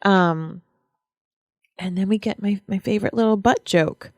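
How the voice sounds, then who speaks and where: A woman's voice: mid-range voice, measured pace, no echo. A woman co-hosting a podcast, chatting about a book with enthusiasm and reading quotes aloud. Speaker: podcast co-host. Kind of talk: casual book discussion.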